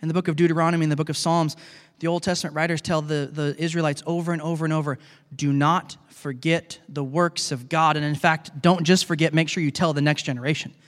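High-voiced pastor preaching in a reverberant hall. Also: male voice, little pitch movement, racing. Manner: earnest, conversational preaching that addresses the congregation as guys. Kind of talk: sermon. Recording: long reverb of a large hall.

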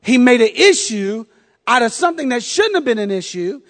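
A middle-aged man with a North Carolina Southern accent preaches with a high voice, telling funny stories and laughing often. His sermon rings out with a long reverb, as in a large hall. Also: big pitch swings, moderate pace. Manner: humorous storytelling with frequent laughter. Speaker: pastor.

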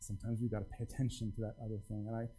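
A man preaching a sermon, his pitch rising and falling a lot as he talks. His voice is mellow and warm rather than bright. He speaks conversationally and often restarts his sentences. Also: huge pitch swings, racing, husky, low-quality recording. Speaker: pastor.

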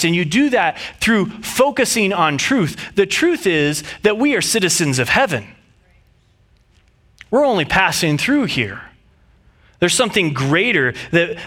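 A man's voice: high-pitched, sharp tone. A man preaching a sermon in an earnest, conversational way, reading scripture and often restarting his sentences. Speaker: pastor.

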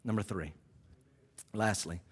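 A pastor preaching a sermon. He moves between quiet, low teaching and loud, vivid storytelling. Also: slow, slightly rough, in a large hall.

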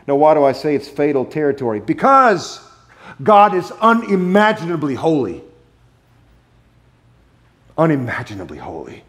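A man preaching a sermon, emphatic, repeating key phrases and swinging between loud declarations and hushed asides. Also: fairly high pitch, very animated, moderate pace, long pauses. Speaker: pastor.

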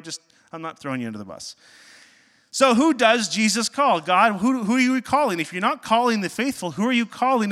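Bright-voiced pastor preaching in a reverberant hall. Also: male voice, high voice. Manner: animated, self-deprecating storytelling with jokes. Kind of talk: sermon.

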